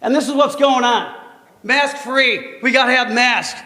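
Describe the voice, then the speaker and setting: Angry high-voiced man at a meeting. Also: fairly even intonation, sharp tone. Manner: angry, emotional, halting. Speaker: parent giving public comment. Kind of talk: heated public comment at a meeting. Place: school board meeting hall. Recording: hall reverb.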